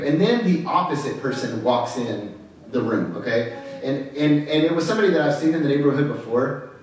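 Conversational pastor in an echoing hall. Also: male voice, a little high. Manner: conversational, many fillers and restarts. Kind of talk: storytelling sermon. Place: church sanctuary. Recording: echoey hall, mic far off.

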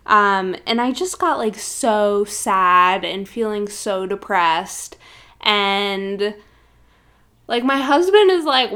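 A woman's voice: medium pitch, lively intonation, slow, sharp tone, clean tone. A woman co-hosting a casual spiritual chat, reflective and filler-heavy, laughing readily. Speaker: podcast co-host.

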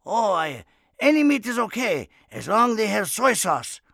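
A man voicing a cheerful stranger in a holiday line who answers with loud, comic exclamations. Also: sits high, big pitch swings, measured pace, gravelly, no echo, pitched above the performer's own voice, heavily acted.

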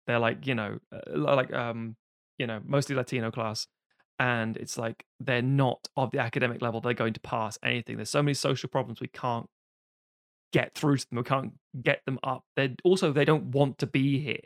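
A man, co-hosting a podcast, reviewing a film in casual, sweary, animated chat. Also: mid-range voice, moderate pace, vocal fry, dry recording, studio quality. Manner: sweary, animated retelling of scenes. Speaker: podcast co-host reviewing films.

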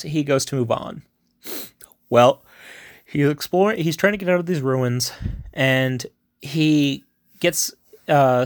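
A man casually retelling a film plot in a rambling way, with many fillers and asides. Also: medium pitch.

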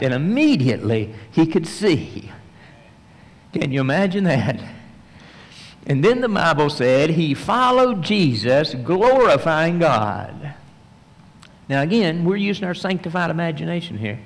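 A man's voice: fairly high pitch, sing-song, a little slow, creaky. A male pastor preaching a sermon and leading a prayer. He retells a story vividly and acts out the voices of the people in it. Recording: long reverb, large hall.

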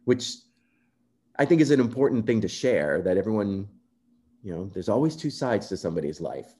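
A man being interviewed, telling a personal story in an earnest, animated way and acting out quoted remarks. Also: lowish voice, moderate pace. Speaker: composer guest.

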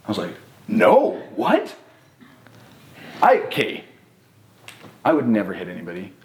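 A young man, a therapist and co-host, talking casually on a live podcast. He tells stories in an animated way and keeps checking in with "right?". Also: low-pitched, fairly quick. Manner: animated storytelling, many "right?" tags. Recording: roomy echo.

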